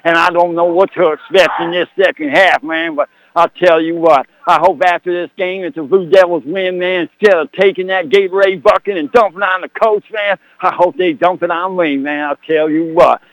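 A man's voice: high voice, steady tone, normal speed, a bit bright, no room sound, poor audio. A man voicing a rowdy country cousin who drawls and keeps saying "man" and "I'll tell you what.". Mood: hyped. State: out of breath.

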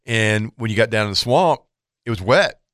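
A middle-aged man with a drawl tells a hunting story in relaxed chat, acting out the shots and the voices as he goes. His voice sits low, and the sound is dry and close. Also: normal speed, no echo. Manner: animated storytelling, acts out quotes and sounds.

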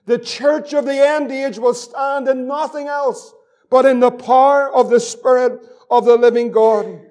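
Pastor guy preaching hard, keeps repeating himself, reads scripture out, voice sits really high. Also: steady tone, a little slow, a little mellow. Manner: fervent, repetitive preaching with scripture read aloud. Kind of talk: sermon.

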